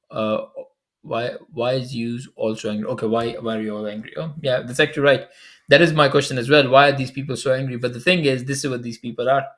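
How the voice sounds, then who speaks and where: A young man from Pakistan, a video commentator reading viewer comments aloud with quick chatty asides and frequent laughs. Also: mid-range voice. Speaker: online commentator.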